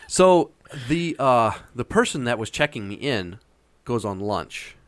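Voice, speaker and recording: A man's voice: medium pitch, sing-song, measured pace, no room sound. A man casually telling a long, meandering anecdote with frequent hesitations. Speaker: storyteller. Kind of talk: casual chat.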